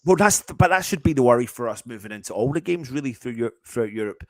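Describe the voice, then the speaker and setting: A man hosting a live fan chat, excitable and stumbling over his words, swearing freely. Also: medium pitch, fast talker. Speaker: fan channel host.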